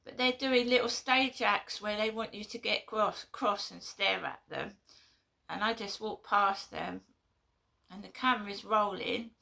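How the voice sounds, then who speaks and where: A woman's voice: medium pitch, creaky, pushed and bright. A woman vlogging in an indignant, rambling way with many fillers. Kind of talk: casual vlog monologue.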